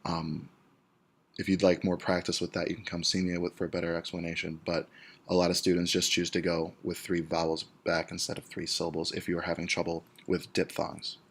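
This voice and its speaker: Here a male Spanish teacher explains grammar in a deep, calm voice. Patiently, he walks through every example one step at a time and lingers on important words so learners can follow.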